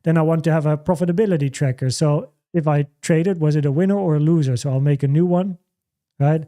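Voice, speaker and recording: Streaming casually from home, this host chats and fields questions in a slightly high voice with a dark tone. He halts often, repeats words, restarts, and leans heavily on fillers.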